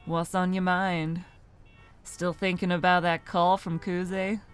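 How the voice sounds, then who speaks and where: Woman doing a gruff, cold detective man. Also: on the low side, level tone, slow pace, voice pushed down. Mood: curt. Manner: attempting an American accent.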